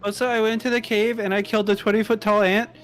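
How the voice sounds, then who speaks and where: A man in casual gameplay commentary who makes crude jokes and deadpan asides. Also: high voice, fast talker.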